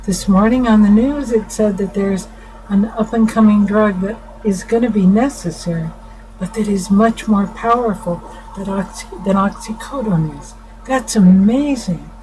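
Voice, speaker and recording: A middle-aged woman counselor explaining to viewers in an informal talk, unhurried, restarting her sentences often. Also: mid-range voice, mellow, poor audio. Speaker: family counselor. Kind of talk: informal teaching talk to camera. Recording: faint background noise.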